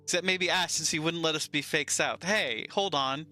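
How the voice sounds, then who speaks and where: A man's voice: a little high, normal speed, sharp tone, faint music behind. A man with a Southern US accent streaming a game, reading chat aloud and bantering playfully.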